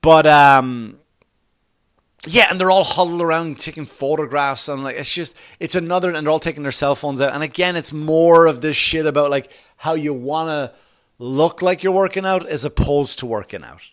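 A man's voice: a little high, a bit bright, no echo, clean studio sound. A man hosting a comedy podcast, telling a story as a profane, exasperated rant with asides to his listeners. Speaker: podcast host.

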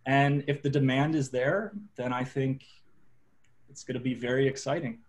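A man giving measured comments in a casual panel chat. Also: medium pitch, steady tone.

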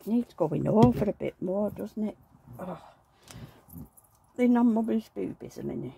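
A woman's voice: medium pitch, lively intonation, unhurried, creaky, highs cut off, a little hiss or hum. A woman who chats bluntly while she works, talking fondly to her dolls and grumbling about her neighbours. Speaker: doll collector vlogger. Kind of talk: chatty running commentary while working.

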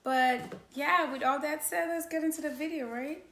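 A woman's voice: high-pitched, normal speed, a bit bright. A woman in her late twenties unboxing a new camera in a vlog, gushing and exclaiming as she goes, recorded indoors. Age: 20s. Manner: gushing, exclaims often, laughs between remarks. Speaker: YouTuber. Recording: echoey room with faint noise.

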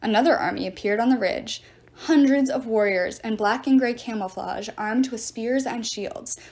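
A woman reading a novel chapter aloud with expressive storytelling. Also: fairly high pitch, moderate pace. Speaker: reader.

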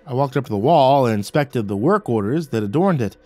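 A man's voice: mid-range voice, animated, a little mellow, no echo, faint music behind. Male horror story narrator. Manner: measured, dramatic storytelling.

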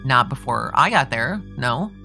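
A terse male police officer answers from the witness stand, read aloud by a woman. The voice is low and subdued, giving short, clipped replies. Faint music plays behind. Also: expressive, measured pace, vocal fry, pushed and bright, exaggerated voice. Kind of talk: reading a trial transcript aloud.

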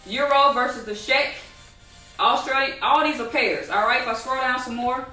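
A woman teaching a live online trading class, animated and repetitive, asking the audience many rhetorical questions. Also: high-pitched, moderate pace, roomy sound, distant mic, soft background music, low-quality recording. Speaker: trading instructor.

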